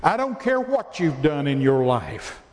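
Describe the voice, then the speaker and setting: A man's voice: a little high, very animated, a little slow, a little mellow, in a large hall. A male pastor preaching a sermon in a folksy way, repeating phrases for emphasis.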